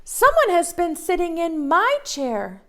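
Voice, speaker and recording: A woman's voice: very high voice, wildly swooping pitch, measured pace, pushed and bright, voice pushed up, exaggerated voice. A woman voicing a prim, fussy mother bear in a storybook reading.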